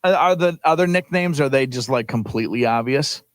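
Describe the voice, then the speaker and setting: A man's voice: mid-range voice, expressive, a little fast, no room sound. A man co-hosting a morning sports radio show, chatting casually, laughing easily and musing aloud while he guesses.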